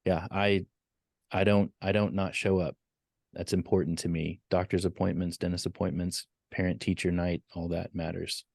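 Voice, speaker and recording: A man guesting on a podcast with a very deep voice, recorded dry and close. He speaks in a measured, matter-of-fact way. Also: level tone, gravelly, a little mellow, no echo. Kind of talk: casual podcast conversation.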